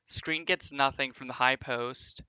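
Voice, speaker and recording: A male streamer chatting loosely with his viewers over a basketball sim, padding his talk with ums and uhs. He speaks slowly with a bright, sharp-edged tone. The sound is dry and close. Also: mid-range voice, fairly even intonation, clear, resonant tone, dry recording. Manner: rambling, filler-heavy, chatting with viewers.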